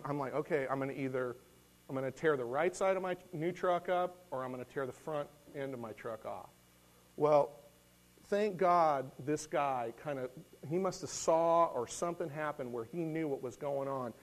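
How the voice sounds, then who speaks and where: A middle-aged man gives a casual, story-driven sermon with a folksy, rambling delivery. He repeats words, restarts his sentences and clears his throat now and then. His voice sits a little high for a man. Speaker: lay preacher. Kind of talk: conversational sermon with personal story.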